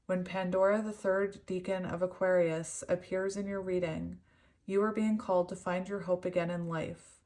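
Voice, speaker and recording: A woman's voice: on the low side, level tone, moderate pace, a little mellow. Earnest young woman reading tarot meanings. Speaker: tarot reader.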